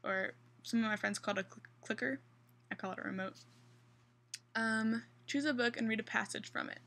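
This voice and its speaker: A woman's voice: a little high, fairly quick, a bit bright. A young woman with a Central Kansas accent chatting casually through an accent challenge, rambling with restarts and fillers. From Kansas, USA. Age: young adult. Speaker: vlogger.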